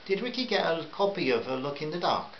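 A man's voice: a little high, big pitch swings, a little fast, pitched above the performer's own voice. A man voicing a cheeky, teasing Northern Irish wife with a lilting voice, in a roomy, slightly dull recording with faint hiss. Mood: curious.

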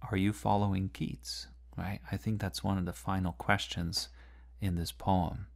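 A man with a fairly low, gravelly voice explains a poem line by line like a literature teacher. He keeps checking in with the listener through rhetorical questions and leans on key words. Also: flat delivery, measured pace.

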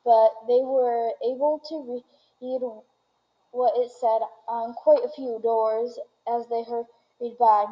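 A woman's voice: on the high side, measured pace, dull audio. Woman reading a storybook aloud. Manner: steady storytelling, occasional restarts. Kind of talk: reading a children's book aloud.

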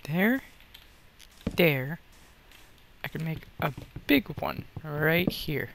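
A man's voice: on the high side, expressive, takes it slowly, long pauses, a bit bright, a little hiss or hum. A young man giving playful let's play commentary, talking to himself with sing-song noises. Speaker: gamer.

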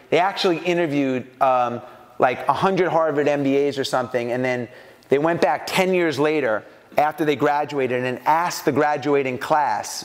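New york guy telling stories at a business event, kinda high voice, super animated, does all the voices. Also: in a large hall. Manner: animated, acts out quoted voices. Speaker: speaker at a business mastermind. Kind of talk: storytelling keynote talk.

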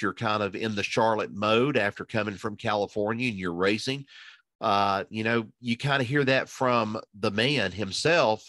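A man's voice: fairly low pitch, fairly bright tone, no echo. A man giving casual, rambling racing analysis, full of fillers and restarts as he thinks aloud. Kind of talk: casual podcast chat.

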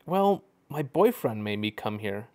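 A man's voice: on the low side, big pitch swings, a little slow, darkish tone. A man voicing an unhappy young woman who confides her troubles in short, plain statements. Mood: glum.

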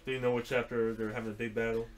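A man's voice: medium pitch, flat delivery, very fast, soft background music. A young man casually reading a fantasy novel aloud to a friend, playfully hamming up the dramatic lines.

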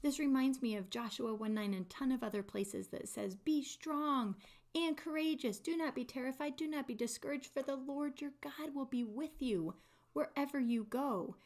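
A woman's voice: high-pitched, moderate pace, a little mellow. A woman leading a casual online Bible study, reading scripture and explaining it in a conversational, enthusiastic way, acting out the quotes.

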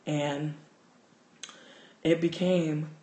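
A man telling a wild story to his livestream in a casual, profane, animated way, recorded on a phone at home. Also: on the high side, extremely slow. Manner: animated, profane, gets loud and excited in the telling. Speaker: livestream host. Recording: roomy echo.

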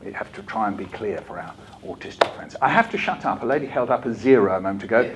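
Lively older man telling stories to teachers. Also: fairly low pitch, fast talker, noisy background. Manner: lively, jokey, acts out voices and poems. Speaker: children's author giving a talk. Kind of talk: storytelling talk to teachers. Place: conference hall.

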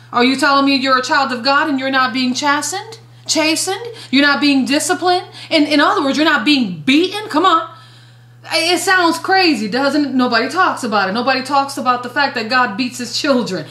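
Woman evangelist, bright forceful preacher, emphatic swooping delivery, reverberant room. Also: high-pitched, animated, normal speed. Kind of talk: fiery sermon.

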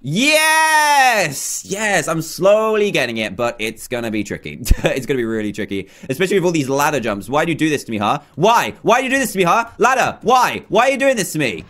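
An excitable man gives chatty let's-play commentary, muttering to himself between bursts of cheering. His voice sits fairly high for a man and swings widely, jumping up sharply on wins and dropping low and quiet when he is unsure. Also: fast talker, few pauses. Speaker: gaming channel host.

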